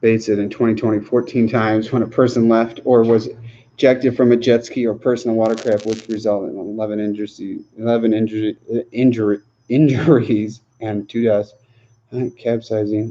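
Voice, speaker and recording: A man's voice: on the low side, flat delivery, normal speed, dark tone, highs cut off. A man chatting casually on a livestream Q&A, rambling, chuckling often and restarting his sentences. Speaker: livestream host answering viewer questions.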